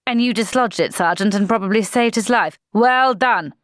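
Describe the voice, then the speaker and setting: A woman voicing a calm, precise young male lieutenant giving clipped orders. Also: medium pitch, normal speed, dry recording, studio quality, voice pushed up, lightly acted. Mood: calm reasoning.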